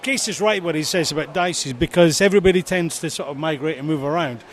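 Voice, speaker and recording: A man's voice: fairly high pitch, quick pace, slight background noise. Joking man co-hosting outdoors. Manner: relaxed, joking. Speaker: co-host. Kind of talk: casual outdoor chat.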